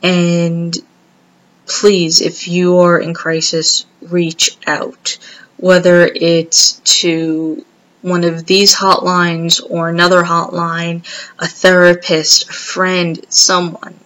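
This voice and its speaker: A woman speaking earnestly and gently to her viewers, pausing often as she offers support. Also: fairly low pitch, completely flat delivery, rough recording. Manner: gentle, earnest, halting with many pauses. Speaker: vlogger. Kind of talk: heartfelt direct-to-camera message.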